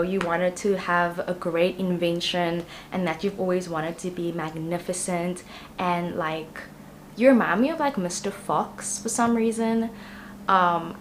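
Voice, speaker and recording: This tarot reader, a young woman, has a lowish voice and chats loosely to camera, packing her talk with fillers like "um" and "you know." Slight background noise is audible.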